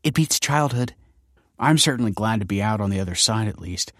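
A man voicing a sharp-tongued young woman. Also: on the low side, expressive, fairly quick, dry recording, clean studio sound. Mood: teasing. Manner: sharp, snappy banter. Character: brash, teasing young adult woman.

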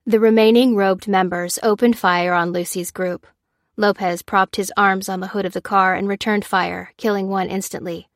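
A woman narrates an action audiobook with steady, tense storytelling. Her pitch sits mid-range. The recording is close and dry. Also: normal speed, no echo. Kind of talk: scripted narration.

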